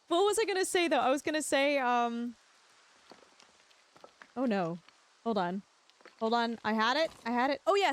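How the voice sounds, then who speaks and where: High-voiced bubbly woman streamer. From Canada. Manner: bubbly, giggly, chatty with viewers. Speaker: livestream gamer. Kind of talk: casual livestream chat.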